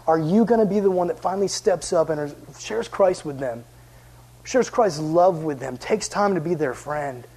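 A young adult man giving a youth sermon in a lively storytelling way, acting out voices and sometimes dropping almost to a whisper. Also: on the high side, moderate pace, husky, rough recording. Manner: animated storyteller, acts out voices, drops to near whisper. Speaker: youth pastor.

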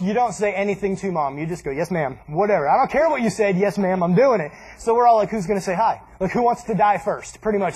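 A man's voice: high-pitched, husky. A man casually telling a funny camping story to a group, acting out voices as he goes. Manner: animated, acts out voices and laughs.

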